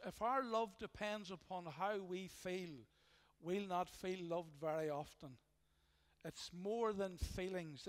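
A man with a Northern Irish accent preaching a sermon as pastor, earnest and emphatic, often repeating phrases for weight. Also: high voice. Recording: long hall reverb.

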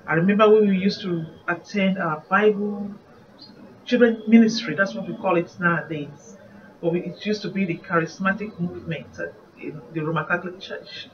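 Earnest Nigerian woman preaching, distant mic. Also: lowish voice. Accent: Nigerian English. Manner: earnest, reflective, reminiscing. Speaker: evangelist. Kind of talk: devotional sermon. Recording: muffled distant recording, faint background noise.

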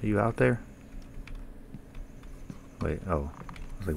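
A man's voice: fairly low pitch, lively intonation, slow, vocal fry, a little hiss or hum. A young man casually commentating a horror game, joking, swearing and talking back to the characters. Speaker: gaming YouTuber.

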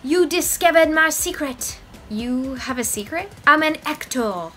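Woman doing a French-accented bearded man, homeless-actor type, high and slow. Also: animated, a bit bright, soft background music. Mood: secretive. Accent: put-on French.

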